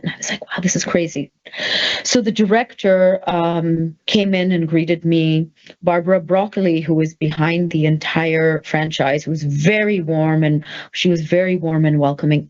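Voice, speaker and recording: A middle-aged woman telling a personal story in a casual, animated way, jumping up high when she voices her own thoughts. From Canada. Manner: animated storyteller, quick swings into high excited voice for quoted thoughts. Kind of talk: casual anecdote. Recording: slightly dull, lo-fi sound.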